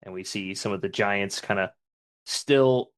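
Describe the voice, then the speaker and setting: A man's voice: on the low side, a little slow, smooth. A man on a podcast casually narrating a comic chapter panel by panel and reading out the characters' lines.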